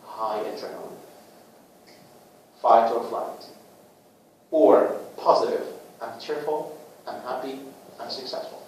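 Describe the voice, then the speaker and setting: A man presenting a book to a small group in a casual talk, with lively rhetorical questions and acted-out little scenes. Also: fairly high pitch. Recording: echoey room, far from the mic, faint noise.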